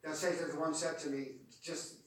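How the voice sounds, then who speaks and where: A man's voice: fairly high pitch, flat delivery, fairly quick, fairly bright tone. Man testifying from the pulpit, stumbles over repeated words, heard far off in a big echoey room. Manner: repeats words often while telling a story. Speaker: Christian street evangelist. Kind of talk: testimony storytelling.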